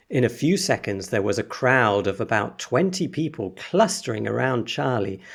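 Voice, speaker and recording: A man reading a children's story aloud for English learners in an expressive, unhurried way. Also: medium pitch, creaky. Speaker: story reader.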